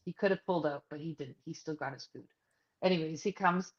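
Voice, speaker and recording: In a muffled recording, a low-voiced woman talks a little fast as she co-hosts a podcast. Her casual storytelling is profane and lively, and she acts out other people's dialogue.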